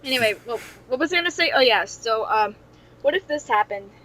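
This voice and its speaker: A woman's voice: on the high side, animated, a little fast, a bit bright, poor audio. A woman in casual chat, rambling and giggling, often slipping into silly voices. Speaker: co-host.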